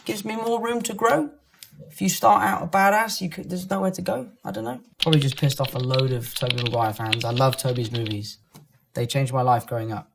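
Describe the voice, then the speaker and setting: A young man from England with a London accent, casually reading online comments aloud and answering them in a playful, self-mocking way. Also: a little high. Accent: London English. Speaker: actor reading fan comments. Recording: music playing underneath.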